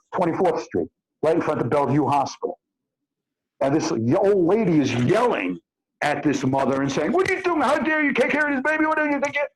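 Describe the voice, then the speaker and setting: On a panel discussion in Israel, a man speaks as an expert on immigration to the country, explaining through vivid everyday examples and hesitating often. His voice sits at medium pitch with a darkish, slightly rough tone, and the audio quality is poor.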